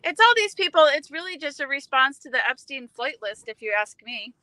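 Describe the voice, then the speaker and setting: Bright, agreeable woman in conversation. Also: high voice, big pitch swings, dry recording. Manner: agreeable, quick affirmations. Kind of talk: casual conversation.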